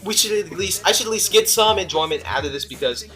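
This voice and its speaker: A young man chats his way through an anime episode review, excitable and rambling, stumbling over restarts and fillers as he goes. His voice sits a little high and comes across bright and forceful. Light background music plays under the recording. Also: fast talker. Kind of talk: casual video review.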